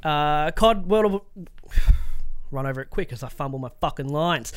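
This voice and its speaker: A man's voice: a little high, lively intonation, a little slow, smooth. A young man co-hosting a casual gaming podcast, reading news aloud and riffing on it with casual swearing. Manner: swears casually, reads news items aloud then riffs. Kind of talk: casual chat.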